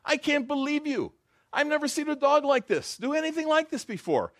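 A man's voice: extremely high pitch, big pitch swings, a little fast, no echo, clean studio sound, pitched above the performer's own voice. A man voicing an indignant middle-aged woman who scolds a stranger in a joke. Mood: outraged. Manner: outraged, lecturing.

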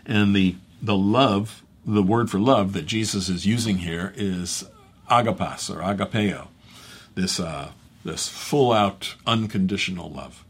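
A man speaking as a pastor, teaching through a scripture passage in a conversational, halting way and correcting himself as he goes. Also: deep voice, husky. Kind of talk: bible teaching.

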